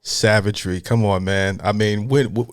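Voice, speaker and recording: A man hosts a reaction video in casual, hyped-up commentary. His voice sits slightly low. The recording is dry and close. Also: steady tone, normal speed, smooth, dry recording. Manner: hyped, chatty.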